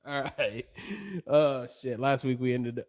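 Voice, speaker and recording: A young man co-hosting a casual podcast, laid-back, swearing casually and trailing off quietly mid-sentence. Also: medium pitch, fairly even intonation, slow. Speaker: podcast co-host. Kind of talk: casual chat.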